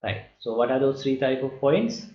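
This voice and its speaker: A man teaching math in a recorded lecture, explaining slowly and checking in with "right?" again and again. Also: mid-range voice, a little mellow. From Sri Lanka. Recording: lo-fi echoey room.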